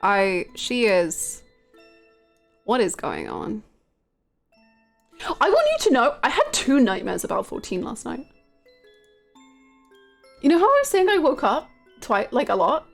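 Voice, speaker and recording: A woman with a fairly high voice chats casually on a live game stream, rambling and giggling as she talks to viewers. Soft music plays faintly behind her. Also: huge pitch swings, measured pace, vocal fry, long pauses.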